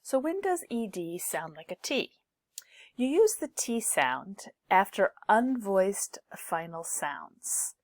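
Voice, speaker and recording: A woman teaching a pronunciation lesson, speaking slowly and deliberately and saying each example word twice so learners can copy it. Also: mid-range voice, big pitch swings, no echo, clean studio sound. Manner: slow, deliberate, repeats each word twice to model sounds. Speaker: English teacher.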